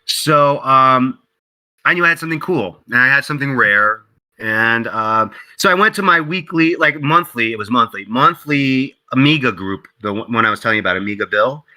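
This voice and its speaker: A man being interviewed as a guest, telling a casual story in an animated way, acting out quoted dialogue, with many fillers and restarts. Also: medium pitch, moderate pace, low-quality recording. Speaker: interview guest, game company co-founder.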